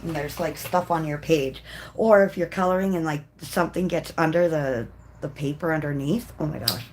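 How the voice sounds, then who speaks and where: A woman hosting a live coloring stream, chatting casually in a rambling way and often clearing her throat as she works. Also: low-pitched, normal speed, darkish tone, a little hiss or hum. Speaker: coloring livestream host. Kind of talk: casual livestream chat while coloring.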